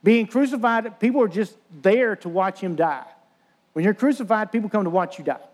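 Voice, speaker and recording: A man's voice: high-pitched, animated, brisk, a little mellow. A man preaching a sermon, earnestly retelling scripture and acting out the voices of mockers.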